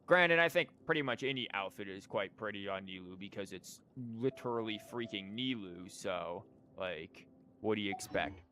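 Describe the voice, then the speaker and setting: A man's voice: lowish voice, expressive, normal speed, pushed and bright. A man streaming a game, talking casually and candidly with lots of fillers and rambling asides. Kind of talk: casual gaming commentary.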